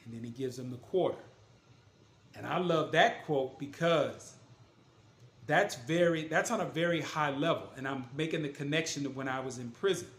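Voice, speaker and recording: In a slightly high voice at a moderate pace, a man who writes books and speaks motivationally tells his story in a casual, earnest, emphatic manner. Scenes are retold with voiced quotes, and the room has an echo.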